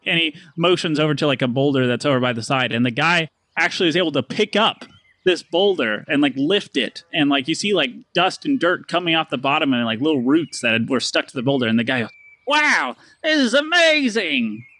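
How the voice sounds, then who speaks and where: A man narrating as game master in a tabletop game, fast and casual, with many fillers. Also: on the high side, a bit bright, no echo.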